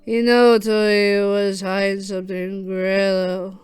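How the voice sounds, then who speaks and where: Halting storyteller reading a fan story. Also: mid-range voice, flat delivery, clear, resonant tone, no room sound, soft background music. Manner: halting, reads with restarts.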